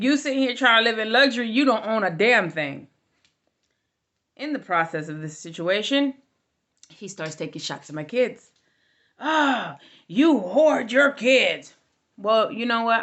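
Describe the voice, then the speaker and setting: A woman's voice: mid-range voice, normal speed, bright, forceful tone. A middle-aged woman telling a candid storytime vlog in a blunt, casual way with plenty of swearing. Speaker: vlogger.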